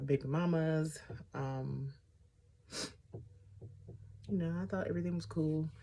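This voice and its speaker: Doing her makeup during a casual storytime, a woman vlogger chats, drifts off on tangents and animatedly reenacts what people said. Her voice sits low, gravelly and warm, with slight background noise.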